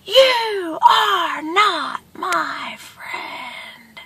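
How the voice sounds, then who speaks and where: A woman voicing a mountain echo that repeats a boy's cries in a hollow, drawn-out way. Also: very high-pitched, lively intonation, creaky, bright, forceful tone, far from the mic, voice pushed up, exaggerated voice. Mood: eerie repeating.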